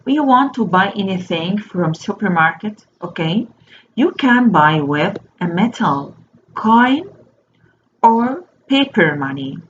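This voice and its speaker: Woman teacher, phonics lesson for kids, spells words letter by letter, very slow, dull lo-fi sound. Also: mid-range voice, animated. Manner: spells words letter by letter and repeats each word. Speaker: primary school teacher. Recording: dull lo-fi recording with faint noise.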